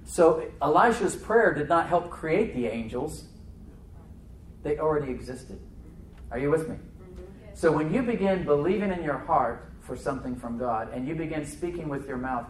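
A male preacher giving a sermon in a folksy storytelling way, repeating key phrases for emphasis and moving from quiet asides to loud, emphatic lines. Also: a little high, animated, moderate pace, slight background noise, rough recording.

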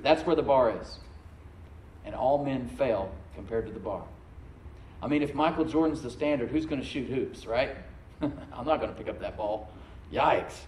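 A man preaching a sermon, swinging between loud, emphatic surges and quiet, confiding asides, and calling on the congregation to answer back. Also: mid-range voice, normal speed, echoey room, distant mic, low-quality recording. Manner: calls for responses from the congregation. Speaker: pastor.

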